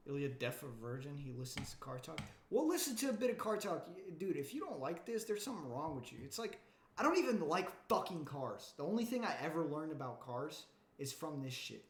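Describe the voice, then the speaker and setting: A male streamer in a loose, profane ramble, talking straight to his chat. His voice sits a little high for a man. The room around him is echoey. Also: very animated, brisk, fairly bright tone. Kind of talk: casual livestream chat.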